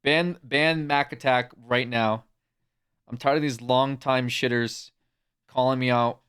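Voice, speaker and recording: This livestreamer laughs a lot and swears freely as he chats casually with viewers from home, switching to a soft, hushed coo whenever he calls his cat. His medium-pitched voice is clear and resonant, steady in tone and measured in pace.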